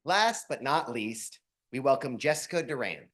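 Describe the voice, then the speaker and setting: Man, ceremony presenter, mid-pitched voice, reads graduate introductions, light joking asides. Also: expressive, moderate pace, fairly bright tone. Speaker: program staff presenting graduates.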